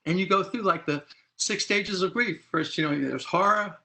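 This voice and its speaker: A man's voice: sits high, moderate pace, sharp tone. A middle-aged man gives a presentation as a consumer advocate, acting out phone calls in dialogue. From Texas.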